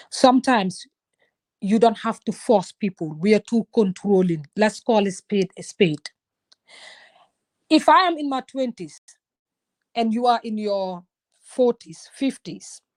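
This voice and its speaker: A woman in her thirties talking in a casual, animated way, now and then slipping in short Wolof phrases. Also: medium pitch. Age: 30s. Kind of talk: casual conversation.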